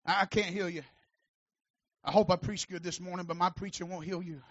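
A man preaching a sermon as pastor, shouting out his lines with rising fervor and dropping low between peaks. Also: steady tone, fairly quick, lo-fi sound.

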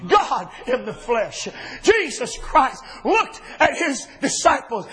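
A man preaching a sermon to his church, telling the story with fervor and often building to impassioned shouting. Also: very high-pitched, sing-song, takes it slowly, hardly any pauses, breathy edge, poor audio.

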